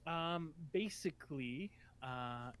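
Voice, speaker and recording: A man's voice: fairly high pitch, lively intonation, takes it slowly, fairly bright tone, slight background noise. A man narrating as game master for a tabletop game, rambling with many ums and restarts.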